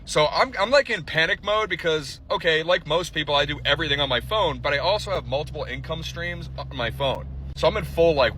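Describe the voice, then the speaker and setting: A man telling a story in a casual vlog, animated and profane, acting out both sides of a phone call. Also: on the high side, a little fast, hardly any pauses, slight background noise. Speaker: social media storyteller.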